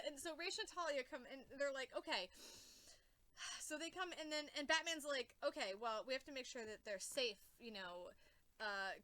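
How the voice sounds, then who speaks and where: A woman vlogger recapping a comic in a casual rambling way, excitable, swearing freely and acting out her own reactions. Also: high voice.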